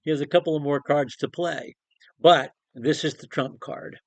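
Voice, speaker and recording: A man's voice: fairly high pitch, steady tone, normal speed, vocal fry, no room sound. A man preaching a short devotional Bible talk in an earnest, emphatic way, repeating phrases and restarting sentences.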